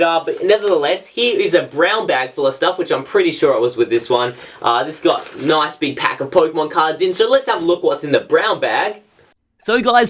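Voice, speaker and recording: Excitable young man opening fan mail. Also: fairly high pitch. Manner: excitable, slangy, lively exclamations. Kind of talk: casual unboxing chat. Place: at home.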